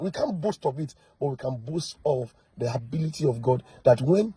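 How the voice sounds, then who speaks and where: A man preaching a sermon, emphatic and full of rhetorical questions, swinging between loud and soft. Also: medium pitch, lively intonation, moderate pace, husky, dry recording, rough recording. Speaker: pastor.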